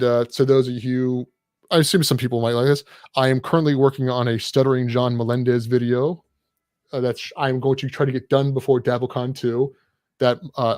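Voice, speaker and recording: A man's voice: mid-range voice, darkish tone, dry recording, studio quality. A man talking as a guest on a casual podcast, rambling and self-deprecating, with an irreverent streak. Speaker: guest content creator.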